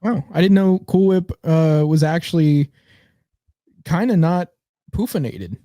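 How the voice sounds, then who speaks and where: A man with a fairly high, mellow voice talks quickly on a podcast, rambling with fillers and then pressing his co-host again and again. His delivery is loose and playful. The recording is dry and close. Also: no room sound. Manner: rambling, hesitant, playfully insistent. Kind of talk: casual podcast banter.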